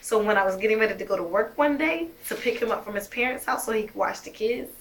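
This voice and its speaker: A woman's voice: medium pitch, quick pace, slight background noise. A young woman telling her own story as a mother, emphatic and heated, swearing often. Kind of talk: emotional personal storytelling.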